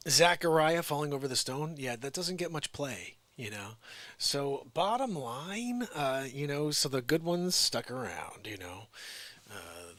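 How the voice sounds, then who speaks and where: A man's voice: medium pitch, fairly bright tone, no echo. Rambling jokey man vlogging. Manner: rambling, jokey, drifting off topic. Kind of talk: casual rambling monologue.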